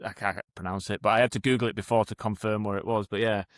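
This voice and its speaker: A man's voice: lowish voice, steady tone, fast talker, no room sound. Man, podcast host, rehab coach, chatty, encouraging, dry studio sound. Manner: chatty and encouraging, many filler words. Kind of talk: casual interview talk.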